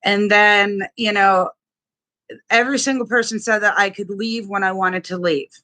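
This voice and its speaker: Woman vlogger with a bright, sharp tone, telling her own story angrily and bluntly, swearing freely. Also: medium pitch, fairly even intonation, moderate pace. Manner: blunt and profane, with heavy swearing and restarts; indignant and raw. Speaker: vlogger sharing a personal experience. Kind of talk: angry personal testimony vlog.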